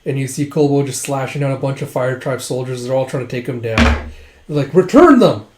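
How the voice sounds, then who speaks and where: Animated man recapping an episode. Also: medium pitch, brisk, noisy background. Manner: animated, acts out quotes, says "it's like" often. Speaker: anime recap vlogger. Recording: roomy echo.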